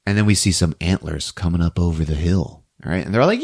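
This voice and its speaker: A man hosting a podcast who recaps a movie in a casual, animated storytelling way. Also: sits low, fast, hardly any pauses. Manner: animated storytelling, acting out scenes. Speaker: podcast host.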